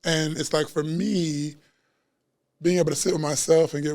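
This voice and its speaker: A man who works as a chef and Reiki practitioner, chatting as a guest at a live podcast taping in a bookstore and telling stories in an animated, slangy way. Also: a little high, normal speed, no room sound. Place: bookstore event space.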